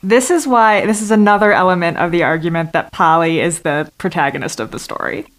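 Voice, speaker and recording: A woman with a somewhat low voice talks in a relaxed podcast discussion. She laughs often and slips into playful acted-out quotes. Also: fairly quick. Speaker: podcast co-host. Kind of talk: casual discussion.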